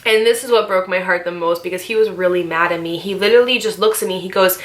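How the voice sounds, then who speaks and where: A young woman vlogger casually telling a storytime, animated and swearing as she acts out the other people in it. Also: on the low side, fast talker.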